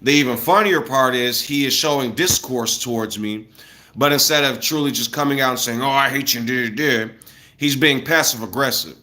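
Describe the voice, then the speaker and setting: A man's voice: medium pitch, moderate pace, bright, forceful tone. A man in his thirties from the United States, ranting casually to viewers in a loose, slangy, blunt way. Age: 30s.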